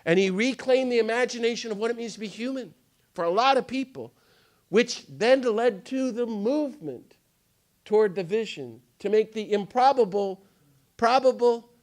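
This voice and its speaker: A man's voice: sits high, lively intonation, moderate pace. A man giving an impassioned talk to a live audience, often jumping into the voices of the people he quotes. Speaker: speaker on nonviolence. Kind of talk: animated lecture to a live audience. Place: conference hall.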